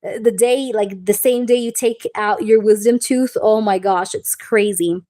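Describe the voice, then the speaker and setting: A young woman reading tarot live, chatting warmly with viewers and calling them babe and baby girl. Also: medium pitch, fairly even intonation, unhurried. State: recovering from a wisdom tooth removal. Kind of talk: live-stream chat with viewers.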